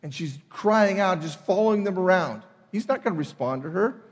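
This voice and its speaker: A man preaching a sermon, emphatic and animated, acting out the people in his retelling. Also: high-pitched, normal speed, long reverb tail. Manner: emphatic, acts out voices in retelling. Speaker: pastor.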